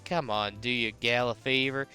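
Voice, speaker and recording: A woman's voice: rumbling low, fairly even intonation, normal speed, bright, forceful tone, smooth, soft background music. A woman voicing a brash, nosy female photographer in a put-on southern US drawl, as in a video game. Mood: boastful. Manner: pushy, nosy, boastful.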